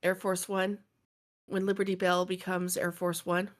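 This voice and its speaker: A woman's voice: lowish voice, level tone, normal speed. A woman co-hosting a podcast in casual chat, playfully correcting details with trivia. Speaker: podcast co-host.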